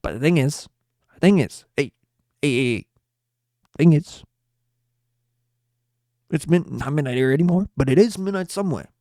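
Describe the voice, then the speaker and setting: A man voicing a loud, theatrical, hammy Italian-accented character for a sign-off. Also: a little high, normal speed, long pauses, no room sound, studio quality, natural voice. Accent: put-on Italian. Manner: loud, theatrical, repeating himself.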